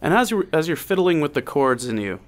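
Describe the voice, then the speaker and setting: A man's voice: fairly high pitch, very animated, a little fast. A man narrating as game master, in a loose, casual way with fillers and swearing.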